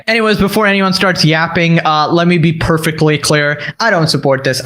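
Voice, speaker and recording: A man's voice: fairly high pitch, fairly bright tone. A man giving sarcastic, profane reaction commentary on a streamer. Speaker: commentary YouTuber.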